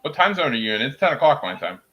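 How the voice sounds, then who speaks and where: A man's voice: mid-range voice, very animated, fast talker, highs cut off. A man casually chatting with viewers on a livestream, joking around and laughing often. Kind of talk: casual live chat.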